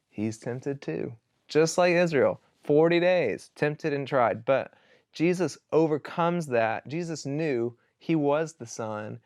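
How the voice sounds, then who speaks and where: A man, a worship pastor, teaching in a casual, animated storytelling way and retelling scripture stories with everyday fillers. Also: on the high side, dry recording, studio quality.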